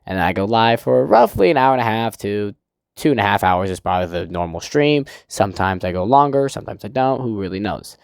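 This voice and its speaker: A man's voice: lowish voice, animated, a little fast, creaky, smooth, dry recording, studio quality. A young man reviewing a manga chapter in a casual, rambling recap, with swearing and laughter.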